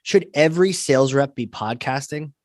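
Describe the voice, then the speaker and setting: A man's voice: mid-range voice, normal speed, no room sound. Dry-sounding male podcast host. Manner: short affirming interjections and easy questions. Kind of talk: casual interview chat.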